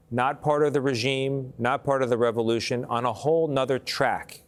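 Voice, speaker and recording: A man anchoring live news coverage, introducing guests and asking questions in a measured, polite way. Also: medium pitch.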